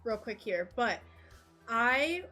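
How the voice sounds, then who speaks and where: A woman's voice: fairly high pitch, animated, slow pace, bright, forceful tone, faint music behind. A woman chatting casually on a livestream while she crafts stained glass in her home workshop. She laughs often and talks to herself as she works.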